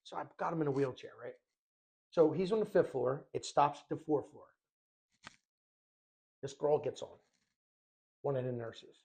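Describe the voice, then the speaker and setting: A man's voice: medium pitch, normal speed, pauses often. A middle-aged man telling a story in casual podcast chat, acting out voices and often laughing. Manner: animated storyteller who breaks into laughter, acts out voices. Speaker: podcast co-host.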